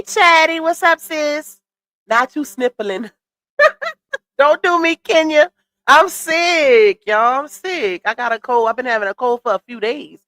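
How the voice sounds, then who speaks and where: Congested woman, sassy live-stream host, slightly high voice, dry close sound. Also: bright, forceful tone, dry recording. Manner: sassy, chatty, greets chat viewers. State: congested with a cold. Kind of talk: casual commentary live stream.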